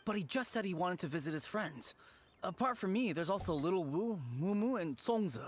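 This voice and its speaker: A caring young friend; light, high, sincere. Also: male voice, expressive, brisk. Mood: earnest. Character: earnest young man, caring childhood friend. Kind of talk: video game dialogue. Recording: game audio with faint music.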